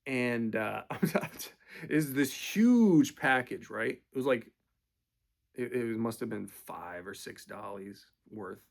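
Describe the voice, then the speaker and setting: A man's voice: medium pitch, animated, slow, creaky. A man telling casual, profane, rambling stories, full of fillers. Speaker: storyteller. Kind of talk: casual storytelling.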